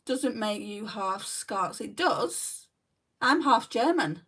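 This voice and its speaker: A woman's voice: a little high, expressive, slow, pushed and bright, husky, recorded from a distance. A woman with a New Zealand accent hosting a casual makeup livestream, chatting and answering viewer comments as she does her makeup. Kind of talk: casual chat reading live comments.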